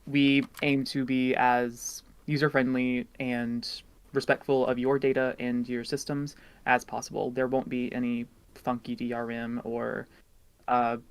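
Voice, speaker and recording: A man's voice: medium pitch, little pitch movement, measured pace, clean tone. A man on a livestream Q&A who speaks in a formal, reassuring way. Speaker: developer on a livestream.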